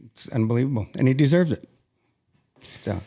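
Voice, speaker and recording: A man in a podcast conversation who tells a deeply personal story. His voice sits at an ordinary middle pitch, and he speaks earnestly and with feeling, often stopping to restart a sentence. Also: expressive, moderate pace, creaky, mellow. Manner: earnest and emotional, with frequent restarts. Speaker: podcast guest.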